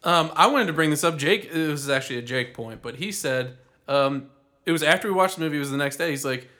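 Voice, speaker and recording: A man's voice: a little high, quick pace, pushed and bright. A man co-hosting a casual podcast chat, insistent as he walks through a scene in detail. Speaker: podcast co-host.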